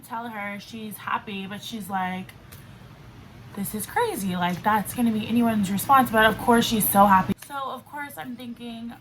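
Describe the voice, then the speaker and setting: A woman's voice: a little high, a bit bright, rough recording. Chatty young woman vlogger. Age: 20s. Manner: chatty, fills speech with "like". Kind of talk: casual storytelling. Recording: faint background noise, level cutting in and out.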